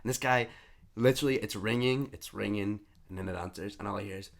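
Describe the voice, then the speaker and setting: A man's voice: mid-range voice, fast. A young man co-hosting a podcast, telling a long story casually and acting out the other people's lines. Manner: animated anecdote teller who acts out the other people's lines. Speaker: podcast co-host.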